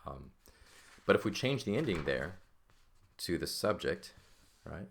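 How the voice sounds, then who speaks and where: A man's voice: low voice, sing-song, unhurried, gravelly, slight background noise. A man teaching a classical Greek grammar lesson, explaining step by step and often checking in with "right?". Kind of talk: classroom lecture.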